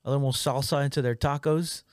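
A man's voice: medium pitch, steady tone, fast talker, no room sound, clean studio sound. A man in casual podcast chat, rambling with restarts, swearing and joking.

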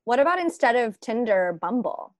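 A woman co-hosting a casual group chat, trading wry, deadpan asides. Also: fairly high pitch, normal speed, dry recording, studio quality. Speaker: podcast co-host.

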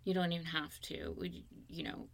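A woman's voice: sits low, fairly even intonation, normal speed, vocal fry. A woman in her fifties, a guest telling her story in an earnest, emotional way during a candid interview.

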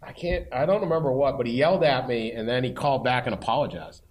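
A man's voice: mid-range voice, fast talker, a little hiss or hum. Male columnist guest, laid-back and rambling, self-deprecating. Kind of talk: live podcast chat before an audience.

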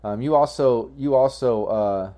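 A man's voice: medium pitch, unhurried, dark tone, a little hiss or hum. A man running a tabletop game as game master, rambling with fillers and restarts.

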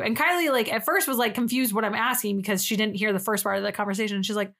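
A woman's voice: a little high, racing, fairly bright tone. A young woman co-hosting a podcast, telling a funny story in casual chat, acting out quotes and swearing now and then. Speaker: podcast co-host.

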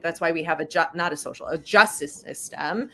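A woman's voice: sits low, a little fast, fairly bright tone, slight background noise. A woman co-hosting a podcast in casual chat, speaking in an earnest, thoughtful way. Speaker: podcast co-host.

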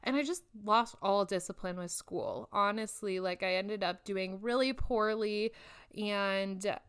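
A woman's voice: medium pitch, unhurried, fairly bright tone, clean tone. A young woman in her twenties talking to her viewers in a casual, reflective way, with lots of "like" fillers. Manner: chatty, reflective, frequent "like" fillers. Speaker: vlogger. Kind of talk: casual personal talk to camera.

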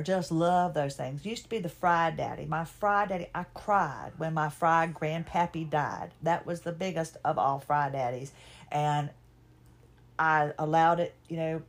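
A woman, hosting a podcast and telling a folksy, chatty, self-mocking personal story. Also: low voice. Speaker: podcast host.

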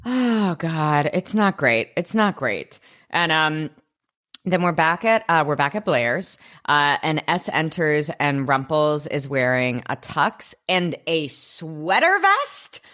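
A woman's voice: low voice, big pitch swings, slow, fairly bright tone. A woman co-hosting a podcast, chatting casually and animatedly, swearing and acting out lines in mock voices. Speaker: podcast co-host. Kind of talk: casual recap chat.

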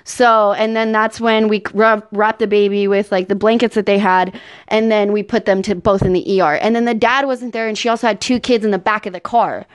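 A woman comedian in casual chat, slangy and quick to laugh, telling stories from her work. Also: medium pitch, steady tone, clear, resonant tone, dry recording, studio quality. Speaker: guest comedian.

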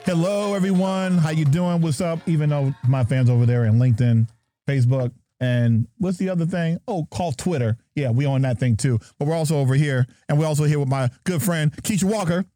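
A man's voice: on the high side, a little fast, warm tone, no room sound, faint music behind. A man from New Jersey hosting a podcast, joking and playful as he introduces his guests. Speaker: podcast host. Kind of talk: lively podcast chat.

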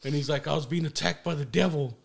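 Gravelly higher-voiced man telling stories. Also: fast talker. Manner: profane, animated anecdote with lots of "like". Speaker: guest musician. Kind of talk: casual storytelling. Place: podcast studio.

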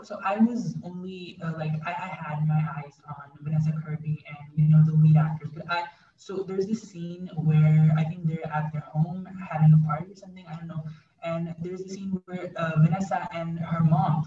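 A man's voice: fairly high pitch, darkish tone. A man talking casually about a film, hesitant, with many fillers and restarts. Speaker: guest film reviewer. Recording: roomy, distant, dull, faint noise.

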